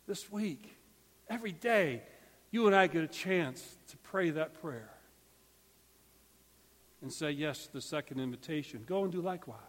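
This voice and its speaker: A man preaching a sermon as pastor, emphatic and swinging between loud calls and hushed, quiet stretches. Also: on the high side, lively intonation, moderate pace, long pauses. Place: church sanctuary. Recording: long church hall reverb.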